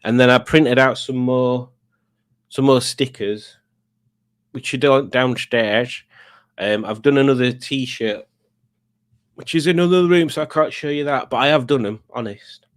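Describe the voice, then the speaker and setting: A man's voice: mid-range voice, a little slow, long pauses, clear, resonant tone. A middle-aged man chatting on a home live stream, rambling and poking fun at himself. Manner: rambling, chatty and self-mocking. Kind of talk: casual live stream chat.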